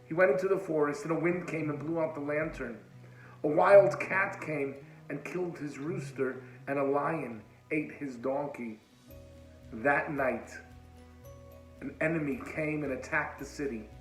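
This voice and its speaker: High-voiced man telling a dramatic sermon story. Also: a little slow, echoey room, faint music behind, rough recording. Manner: dramatic, drops to a hushed voice at moving moments; sprinkles Hebrew religious terms. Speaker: religious speaker.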